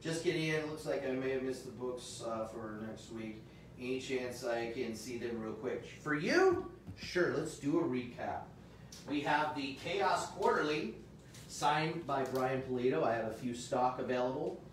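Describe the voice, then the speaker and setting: A man hosts a live comic shop stream, pitching items with cheerful sales patter. His voice sits in the middle range and bursts into loud shout-outs. It comes through a very echoey room from a distance, with faint noise behind it. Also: normal speed. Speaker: host of a comic shop livestream. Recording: echoey room, mic far off.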